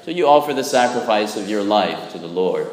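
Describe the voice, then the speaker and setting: A man's voice: fairly low pitch, animated, brisk, darkish tone. A man, a Catholic priest, preaching a homily with a folksy, humorous manner, often checking in with "right?". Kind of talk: sermon. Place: church. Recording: echoey church with long reverb.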